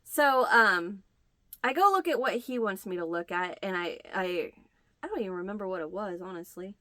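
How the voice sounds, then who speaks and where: A woman's voice: mid-range voice, moderate pace, bright, forceful tone, no echo, studio quality. A middle-aged woman hosting a crochet channel, chatting to the camera and telling a story, acting out the quoted lines. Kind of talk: casual chat to camera.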